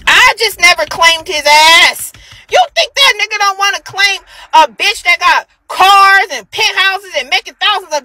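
A woman's voice: very high voice, expressive, moderate pace, pushed and bright, poor audio. A woman on a phone livestream, ranting heatedly and profanely, repeating herself for emphasis. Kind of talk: angry livestream rant.

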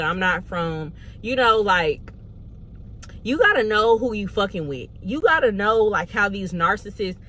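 A woman's voice: mid-range voice, bright, forceful tone, a little hiss or hum. A young woman from Georgia, telling a candid, profane storytime vlog with exasperated asides. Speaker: vlogger.

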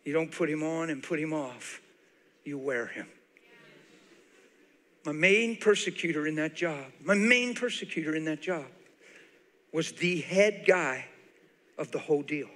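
Speaking at a measured pace with long pauses, this guest preacher has a voice on the high side. He preaches to a church in a large auditorium, animatedly recounting a personal story with laughter and tears in his voice. It's a live sermon recording with long reverb from the hall.

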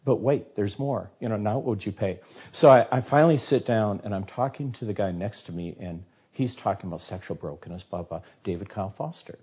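Husky older man telling animated stories. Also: fairly low pitch, fairly quick. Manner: animated storyteller who acts out quoted voices. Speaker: guest author. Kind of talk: casual interview storytelling. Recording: dull, muffled recording.

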